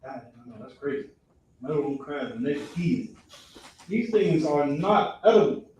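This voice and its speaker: A man teaching a religious class in a classroom, animated and acting out people's reactions with mock voices. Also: on the high side, normal speed, a little hiss or hum. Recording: echoey room, far from the mic.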